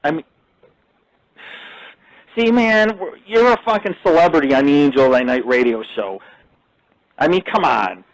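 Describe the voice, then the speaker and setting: A man's voice: on the high side, lively intonation, normal speed, pauses often, no echo, low-quality recording. A middle-aged man hosting a live internet radio talk show, ranting and boasting in crude, profane language.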